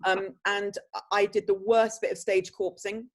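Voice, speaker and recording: A woman tells theatre stories with lively energy, often laughing. Her voice sits in a middle pitch. She talks as a guest in a relaxed video chat. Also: normal speed. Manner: animated storyteller, breaks into laughter. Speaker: actress guest. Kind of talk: conversational interview, anecdotes.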